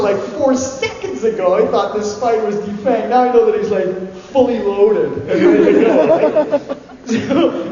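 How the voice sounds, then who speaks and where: A man who is a guest at a convention panel tells a comic anecdote on stage, animated and laughing, acting out what others said. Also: sits high. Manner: animated, laughing, acts out quotes. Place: large convention hall before an audience. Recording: echoey hall, distant mic, dull sound, audience noise.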